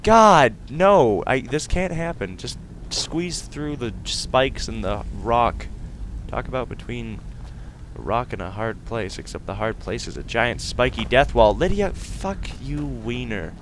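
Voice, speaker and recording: A young man giving casual let's-play commentary, excitable and silly, breaking into sudden loud outbursts and laughs. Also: mid-range voice, a little slow, slight background noise. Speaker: gaming video host.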